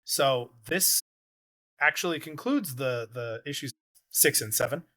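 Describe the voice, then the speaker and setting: A man with a bright, ringing voice hosts a relaxed podcast conversation. He talks in an animated way and slips into quick impressions when retelling scenes. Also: mid-range voice. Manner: animated, acts out quoted characters in passing. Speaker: podcast host. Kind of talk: casual podcast chat.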